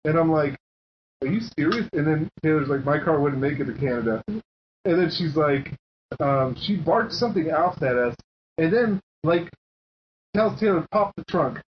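A man co-hosting a podcast, telling a story in casual chat, animated and swearing, acting out what people said. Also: fairly high pitch, normal speed. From United States. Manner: animated, swearing, acts out quotes. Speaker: podcast co-host. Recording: dull lo-fi podcast audio with faint hiss.

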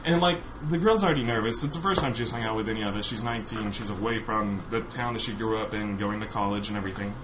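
A man's voice: lowish voice, fast talker, hardly any pauses. A man casually telling a funny story on a podcast, laughing often as he goes. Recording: noisy recording.

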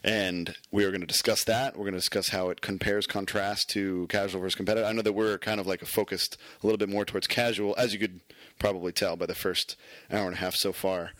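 A man's voice: low-pitched, fairly even intonation, fast, fairly bright tone, dry recording. A man hosting a casual podcast chat, joking and rambling as he talks. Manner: jokey, rambling, laughs often. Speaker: podcast host.

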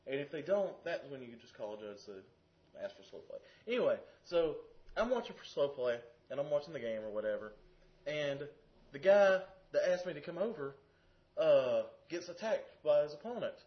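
A man's voice: a little high, very animated, normal speed. A man on a casual podcast who works as a card game judge, telling stories and explaining the rules. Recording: dull lo-fi audio.

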